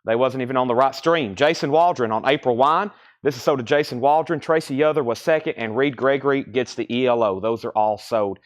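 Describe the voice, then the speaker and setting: A man hosting a live record sale stream, briskly listing titles, conditions and prices and repeating them for viewers. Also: medium pitch. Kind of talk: live sales stream chat.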